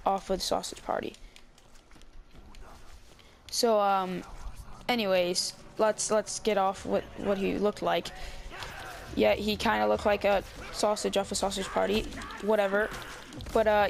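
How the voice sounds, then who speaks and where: Rambling young guy with a gravelly voice. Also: high-pitched, a little hiss or hum. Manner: rambling, many restarts, casual swearing. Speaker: YouTube gamer channel host. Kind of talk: rambling storytime vlog.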